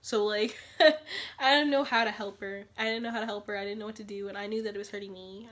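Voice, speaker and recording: A young woman vlogging casually to her camera, chatty and animated, repeating lines for emphasis and dipping into whispered asides. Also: mid-range voice, fast talker.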